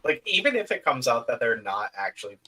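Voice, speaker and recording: Bright-voiced man chatting casually. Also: mid-range voice, big pitch swings, a little fast, low-quality recording. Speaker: podcast co-host. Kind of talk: casual chat.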